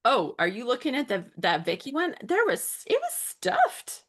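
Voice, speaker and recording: A woman with a Western Canadian accent co-hosting a live crafting stream, chatty and quick to laugh. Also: fairly high pitch, huge pitch swings, a bit bright. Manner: giggly, chatty, laughs often. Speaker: co-host of a live scrapbooking stream. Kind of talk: casual chat.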